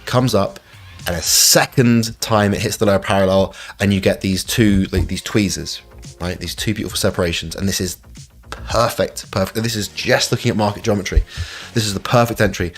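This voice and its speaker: An excitable man hosting a live stream and walking through trading charts. He keeps repeating "look" and laughs often. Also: lowish voice, brisk. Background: faint backing music.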